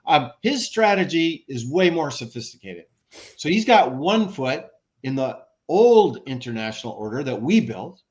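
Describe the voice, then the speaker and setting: American man, podcast guest, animated explainer, restarts often, video-call sound. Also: on the high side, unhurried. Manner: animated, rhetorical questions, frequent restarts. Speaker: guest, former ambassador. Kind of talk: conversational expert commentary.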